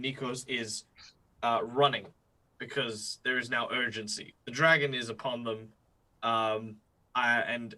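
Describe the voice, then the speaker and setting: A man chats as a player in a tabletop game, animated and full of quick asides. His voice is bright and forceful, at a middle pitch. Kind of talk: casual chat during tabletop game.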